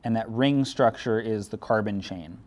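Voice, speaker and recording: Low-voiced man giving a chemistry lecture. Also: moderate pace, a little mellow, dull audio. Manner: casual, explains step by step, dry sarcasm. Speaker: chemistry instructor. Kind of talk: classroom lecture.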